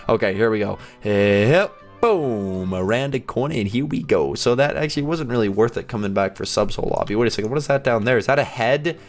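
Playful excitable young man gaming. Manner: playful, excitable, quick jumps in pitch, mock voices of friends. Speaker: gaming YouTuber. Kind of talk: playing a game while commenting. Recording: faint background music.

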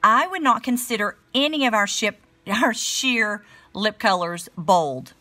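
Here a Southern American woman in middle age chats on her beauty live stream, swatching lipsticks and calling out viewers by name. Her mid-range voice is expressive and sharp in tone, and she never hurries.

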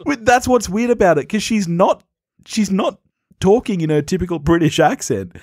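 A man co-hosts a casual film-review podcast, his pitch rising and falling in a lively way. He speaks bluntly and laughs easily, recorded dry and close with no room echo. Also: moderate pace. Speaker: podcast co-host.

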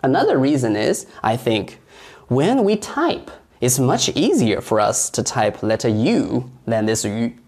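Casting: unhurried male tutor who explains patiently and demonstrates tones. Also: medium pitch, big pitch swings, darkish tone. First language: Mandarin Chinese. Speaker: Mandarin teacher. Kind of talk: online language lesson.

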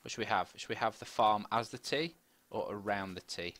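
Here a middle-aged man talks his way through a game in a somewhat low voice at a slightly brisk pace. His let's-play commentary is casual, chatty and meandering, punctuated by excited squeals, and he records on a desk microphone with a face cam.

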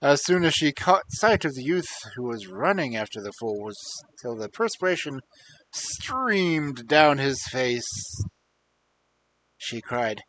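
A man reading an old fairy tale aloud on a live stream, expressive and adding dry, wry asides. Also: mid-range voice, slow pace, no echo, low-quality recording. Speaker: storyteller.

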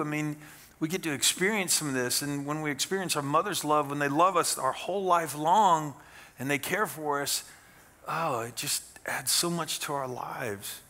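A man's voice: a little high, normal speed, bright, forceful tone. A middle-aged man from Kansas preaching a sermon as pastor, in a conversational, folksy way with wry jokes. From Kansas, USA. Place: church sanctuary.

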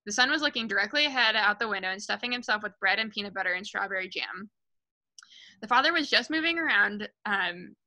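A woman reading a children's novel aloud for a book club on a video call, lively and correcting herself as she goes. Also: mid-range voice, poor audio.

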